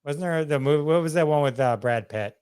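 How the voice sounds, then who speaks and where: A man's voice: on the high side, fairly quick, darkish tone, smooth, no echo, clean studio sound. A man hosting a podcast, bantering loosely and greeting live viewers. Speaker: podcast host. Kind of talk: casual podcast chat.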